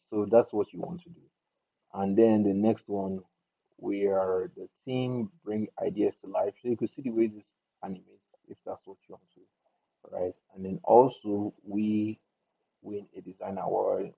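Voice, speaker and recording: A man with a low, gravelly and husky voice talks through an editing tutorial in a relaxed way. He thinks aloud and restarts his sentences as he goes. The sound is thin and tinny, like a phone line. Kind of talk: casual screen-recorded tutorial.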